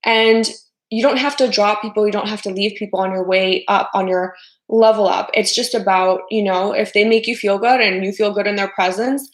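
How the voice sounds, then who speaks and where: A woman hosts a casual livestream as a life coach. She talks chattily, with lots of "like" and "you know", and slips into the voices of the people she quotes. Her voice sits at a middle pitch and rings in a roomy space. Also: fairly even intonation, moderate pace. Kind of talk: casual livestream talk to viewers.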